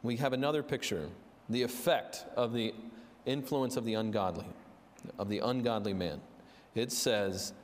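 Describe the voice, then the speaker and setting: A man's voice: fairly low pitch, normal speed. A man preaching a sermon, earnest and storytelling, with fillers and restarts. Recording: long reverb of a large hall.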